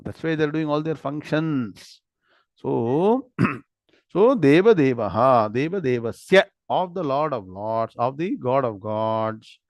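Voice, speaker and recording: A man's voice: mid-range voice, lively intonation, slow pace, dry recording. A man with an Indian English accent teaching a scripture class, reciting Sanskrit words one at a time and quizzing his students. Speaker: Gita and Vedanta teacher.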